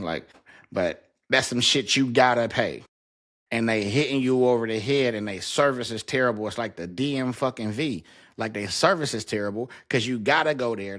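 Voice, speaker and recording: Solo host, man in his 30s to 40s, mid-pitched, blunt and foul-mouthed, casual venting into a camera at home. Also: fairly bright tone. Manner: frank, profane venting. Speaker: podcast host. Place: home basement, alone. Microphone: talking to a camera.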